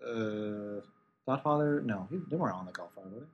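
A man hosting a casual podcast chat, hesitant, filling pauses with ums and uhs as he searches for words. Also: lowish voice, lively intonation, breathy edge, muffled recording. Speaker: podcast host.

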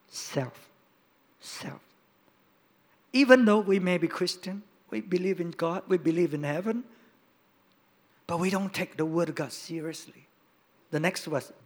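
A male pastor preaching a sermon, hitting key words loudly and dropping to quiet asides. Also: sits high, lively intonation, a little slow, pauses often. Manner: emphatic, swings between loud stresses and quiet asides.

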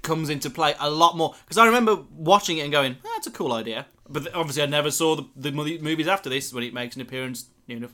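A man's voice: on the high side, sharp tone. A man co-hosting a casual film review chat, laughing readily and chiming in. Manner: laughs readily, chimes in with quick agreement. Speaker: podcast co-host.

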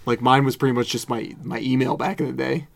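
A man's voice: medium pitch, steady tone, fast, gravelly. Een man die ontspannen meepraat en vaak lacht. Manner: laid-back, laughs often. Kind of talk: casual chat.

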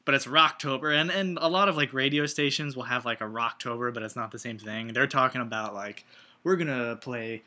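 A man co-hosting a podcast in casual comedic chat, speaking in a dry, matter-of-fact deadpan. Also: medium pitch, a little fast, hardly any pauses. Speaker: podcast co-host.

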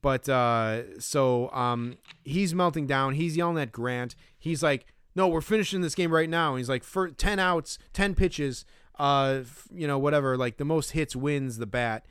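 A man's voice: mid-range voice, unhurried, hardly any pauses, clear, resonant tone, dry recording, studio quality. A man co-hosting a casual podcast, recapping a movie scene by scene, laughing often and acting out the characters' lines. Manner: animated, laughs often, acts out quotes. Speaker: podcast co-host.

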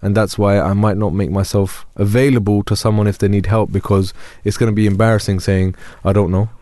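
A man's voice: on the low side, little pitch movement, a little fast, mellow, dry recording. A young man, an imam on a discussion panel, speaking earnestly and retelling scenes in quoted dialogue. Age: young adult. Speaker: imam and youth worker.

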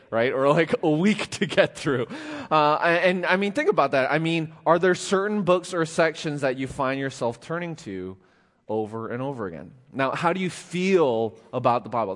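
A man's voice: a little high, expressive, moderate pace, a bit bright. Man preaching in an echoing church hall. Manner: conversational, reads a joke aloud and laughs, asks the congregation questions. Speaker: pastor. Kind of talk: sermon. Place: church auditorium. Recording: long hall reverb.

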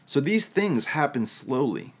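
A man's voice: mid-range voice, sing-song, unhurried, slightly rough. A man preaching a sermon, teaching reflectively with touches of humor. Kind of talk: sermon on scripture.

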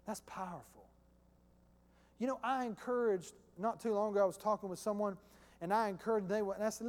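High-voiced preacher in a ringing hall. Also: male voice, brisk. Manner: emphatic, repetitive, conversational preaching. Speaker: pastor. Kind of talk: sermon. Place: church.

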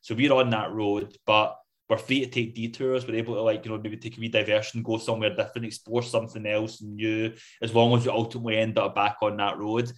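A man's voice: lowish voice, level tone, a little fast, few pauses. A man from the UK, a guest in a casual interview, talking loosely with many fillers. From United Kingdom. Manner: rambling, many fillers like "like, you know". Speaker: guest author.

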